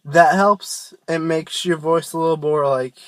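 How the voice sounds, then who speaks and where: Slow-talking young man giving scream lessons. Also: on the high side, steady tone, dry recording. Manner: rambling, self-mocking, loose and informal. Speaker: scream vocal tutor. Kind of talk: casual home tutorial.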